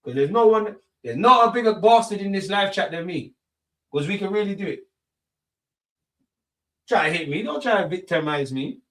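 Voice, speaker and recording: A man's voice: expressive, moderate pace, pauses often, a bit bright. Man ranting at his live chat. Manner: rants at live chat, swearing, high-pitched indignation. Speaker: football watchalong host. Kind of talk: live match reaction chat.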